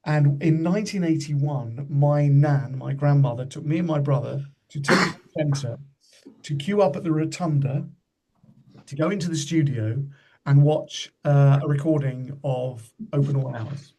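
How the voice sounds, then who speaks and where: A man's voice: a little high, normal speed, dark tone, slight background noise. A man in his fifties, a comedian guest on a podcast, telling chatty anecdotes and slipping into the voices of people he quotes. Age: 50s.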